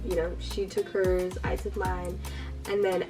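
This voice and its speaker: A woman's voice: on the low side, flat delivery, measured pace, warm tone, distant mic. A young woman telling a funny family story in a casual chat with her sister, laughing often and acting out quotes. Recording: voice a bit off-mic with background music.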